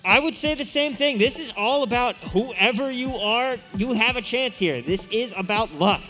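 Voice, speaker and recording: A man's voice: very high-pitched, expressive, normal speed, sharp tone, faint music behind. A man co-hosting a live esports stream, upbeat and playful in his banter. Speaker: esports co-host and commentator. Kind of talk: casual live-stream commentary.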